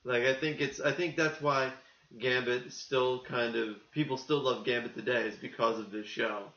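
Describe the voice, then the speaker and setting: A man co-hosting a casual podcast, talking in an animated, rambling way and acting out the quotes he tells. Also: medium pitch, moderate pace. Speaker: podcast co-host. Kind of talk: casual chat. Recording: muffled, echoey room.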